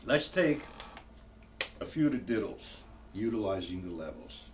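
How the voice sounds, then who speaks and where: A man's voice: lowish voice, expressive, unhurried, noisy background. A man giving a live-streamed drum lesson, counting strokes aloud and explaining technique in a rambling way with many restarts. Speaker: drum teacher. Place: room with drums. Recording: distant mic with loud drum hits.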